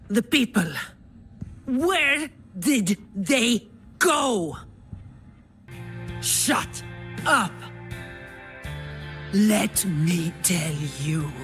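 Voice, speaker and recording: A woman's voice: medium pitch, exaggerated voice. An actress with a Greek accent voicing a stern, commanding female warrior in an English game dub, cold and scornful. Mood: demanding. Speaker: game character.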